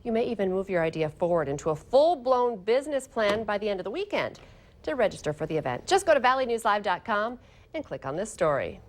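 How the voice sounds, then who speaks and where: A woman's voice: mid-range voice, very animated, fast. A woman news anchor reading local stories in a morning newscast from a TV studio, chatty in the banter between stories.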